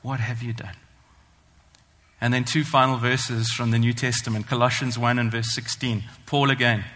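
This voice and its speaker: A man preaching a sermon, earnest and emphatic, slowing down to stress the scripture he reads. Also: medium pitch, level tone, bright, forceful tone. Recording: long hall reverb.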